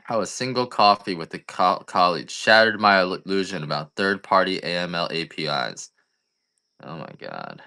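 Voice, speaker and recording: Low-voiced man ranting jokily. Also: moderate pace, few pauses, sharp tone. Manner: rambling, joking rants. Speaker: coffee farmer selling on a live stream. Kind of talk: casual live-stream sales chat.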